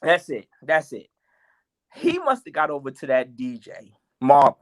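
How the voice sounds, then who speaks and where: A man's voice: fairly high pitch, wildly swooping pitch, normal speed. A man, a guest comedian, telling stories in a podcast interview, acting out quotes and laughing often. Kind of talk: animated storytelling in a podcast interview.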